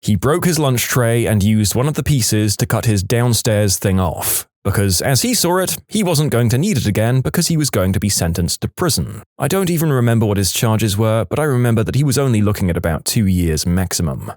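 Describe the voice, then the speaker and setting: A man's voice: lowish voice, lively intonation, a little fast, hardly any pauses, darkish tone, dry recording. A man narrating a series of short workplace stories in a scripted voice-over, adding his own dry asides between them.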